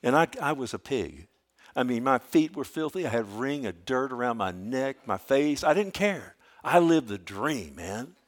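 An older preacher tells homespun stories from the pulpit. His voice sits at an ordinary pitch and swings from quiet, intimate asides to loud, lifted calls. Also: lively intonation, normal speed. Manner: folksy storytelling, swinging from hushed to loud. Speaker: pastor. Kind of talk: sermon.

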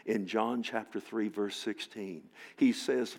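A man preaching a sermon with dramatic swings between loud emphatic lines and hushed, slowed passages, often repeating words for emphasis. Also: medium pitch.

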